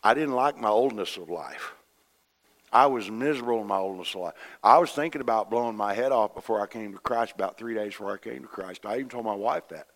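A man preaching a sermon as pastor, folksy and conversational, swinging from hushed to loud. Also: fairly low pitch, fast.

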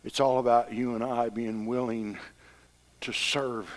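A man's voice: medium pitch, flat delivery, a little slow. A middle-aged man preaching a sermon, telling homespun stories with rising fervor. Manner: folksy, impassioned storytelling preacher.

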